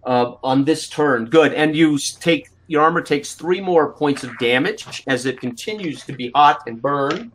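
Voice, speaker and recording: A man's voice: fairly high pitch, fairly bright tone. A man running a tabletop role-play game as game master, narrating scenes with many fillers and restarts. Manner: halting, full of fillers and restarts.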